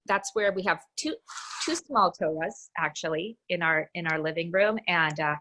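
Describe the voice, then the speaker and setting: Woman, middle-aged, lower register; candid personal talk, halting with restarts, home video call. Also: animated, pushed and bright, a little hiss or hum. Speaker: guest speaker. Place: her home, indoors.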